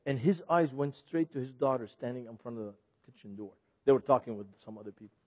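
A middle-aged man, a ministry speaker teaching an audience in a sermon style. He talks in an animated way, laughs often and puts questions to the audience. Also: medium pitch, quick pace, breathy edge, no room sound. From Lebanon. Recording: dull, dry lo-fi recording.

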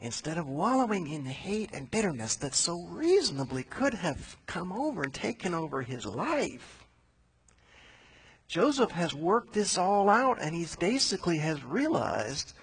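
A preacher retells a Bible story in a loose, animated, chatty manner. His voice is husky and a bit breathy, pitched slightly above the usual male range. He drops in slangy asides as he goes. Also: a little slow, rough recording.

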